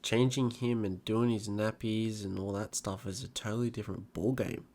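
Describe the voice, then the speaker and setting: Laid-back man, lowish voice. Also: normal speed. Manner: relaxed, sympathetic listener who asks questions. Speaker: podcast co-host. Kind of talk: casual chat.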